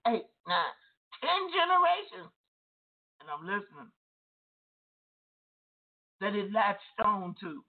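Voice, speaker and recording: A woman's voice: fairly high pitch, breathy edge. A woman telling a deliverance testimony in a conversational way, often turning to the listeners directly. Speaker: deliverance minister. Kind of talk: testimony sermon. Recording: tinny phone-like audio.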